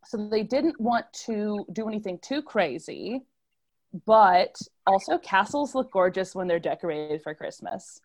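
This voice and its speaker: A woman hosting a podcast in casual chat, giggly and eager, explaining things quickly. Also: mid-range voice, lively intonation. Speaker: podcast host.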